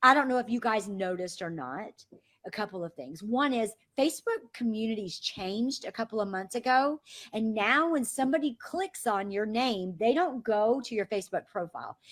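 A woman's voice: on the high side, moderate pace. A woman from the American South, leading a sales training on a call and acting out the messages she quotes. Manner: animated, acts out quoted messages in voices. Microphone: phone or call line.

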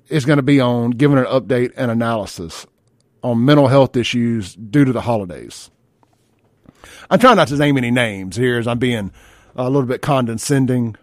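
Brash radio host, dry studio sound. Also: male voice, mid-range voice, darkish tone, no echo. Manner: brash, joking, offhand, reads live ad copy. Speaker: radio talk show host. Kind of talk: conservative talk radio monologue. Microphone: studio microphone.

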